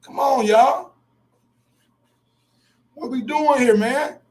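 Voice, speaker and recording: A man's voice: extremely high pitch, slow pace, darkish tone, a little hiss or hum. A man hosting a sports show, ranting in a heated, profane live-stream style, repeating his points for emphasis.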